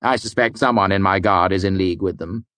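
A man's voice: low voice, brisk, a bit bright, clean tone, no echo. A man reading an audiobook, voicing a weary, irritable middle-aged mayor who speaks curtly and brusquely. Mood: curt, exasperated. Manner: curt, brusque, exasperated. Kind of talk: audiobook character voice.

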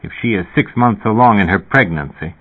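A man doing a brisk suspicious official. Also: on the low side, slightly rough. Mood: probing. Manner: curt, probing questions. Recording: phone-like narrow sound.

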